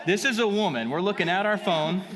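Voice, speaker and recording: A man's voice: lively intonation, in a large hall, a crowd in the background. A man giving a confident, salesy marketing talk on stage at a live event. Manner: fast, salesy, confident pitching. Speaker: marketing speaker.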